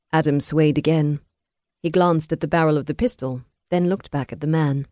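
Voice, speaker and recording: A woman's voice: low voice, fairly even intonation, normal speed, warm tone, dry recording. Woman narrating an audiobook, dry close sound. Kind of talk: scripted narration of a historical romance.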